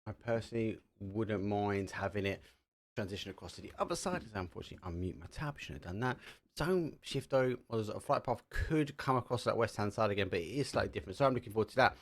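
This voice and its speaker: A fast-talking man with a lowish voice and an Essex accent casts a live esports match, chatty and cracking jokes between his calls.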